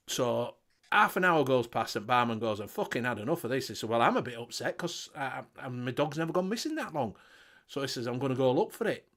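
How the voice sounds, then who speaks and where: A man's voice: mid-range voice, fast. A man with a Northern English accent, co-hosting a casual show and telling a long, sweary pub joke with voices for each character. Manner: animated storyteller, swearing freely, voicing characters. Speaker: vape show co-host.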